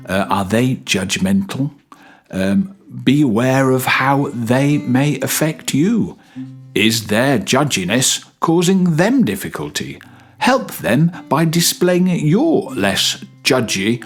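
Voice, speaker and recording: A man hosting a casual self-help chat, talking gently with rambling pauses and restarts. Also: mid-range voice, lively intonation, faint music behind. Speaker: podcast host.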